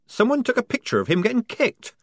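Male reader voicing a high, tense young woman in disguise, quavering, dry close sound. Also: wildly swooping pitch, fast, no room sound, exaggerated voice. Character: young woman disguised as soldier, anxious but brave.

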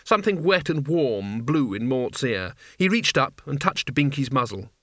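In a dry, studio-quality recording, a man with a medium-pitched voice narrates a fantasy novel for an audiobook, giving the scripted text a measured, expressive reading.

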